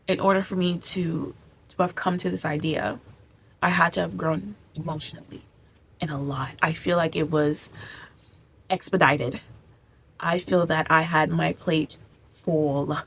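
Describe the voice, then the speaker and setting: A young woman speaks straight to her camera in a heartfelt personal vlog, gushing and circling back over the same words. Her voice sits on the low side and has a gravelly, crackly edge, and she comes close to tears at times. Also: fairly even intonation, unhurried, pauses often, fairly bright tone. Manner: gushing, repetitive, tearful at times. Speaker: vlogger. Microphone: camera mic.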